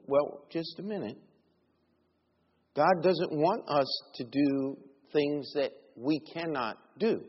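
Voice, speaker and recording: A middle-aged man preaching a sermon, telling stories and moving between quiet asides and raised emphasis. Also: medium pitch, breathy edge. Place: church sanctuary. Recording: dull recording in a reverberant church.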